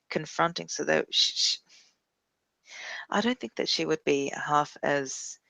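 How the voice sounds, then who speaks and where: A man's voice: a little high, gravelly, pushed and bright, no room sound. A man playing a character in a tabletop role-playing game, describing what she does in the third person. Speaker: player.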